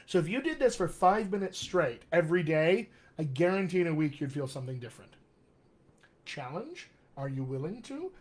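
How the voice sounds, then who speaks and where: A man's voice: fairly high pitch, lively intonation, quick pace, few pauses. A man teaching tongue exercises as a dialect coach in a live-streamed lesson, upbeat and encouraging. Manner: upbeat, encouraging, reads out viewer comments.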